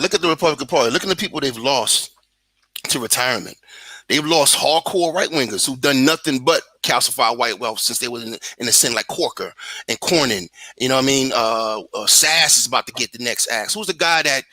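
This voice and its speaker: A man's voice: medium pitch, fairly quick, pushed and bright, no echo. A man from the United States calling in from abroad, talking politics in a heated, profane, rambling way with many restarts. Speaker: guest on a talk stream. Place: living in Germany.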